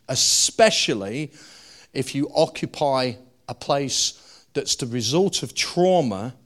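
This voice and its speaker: A male preacher giving a sermon, telling stories with humorous asides. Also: mid-range voice. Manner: animated, humorous storytelling with asides.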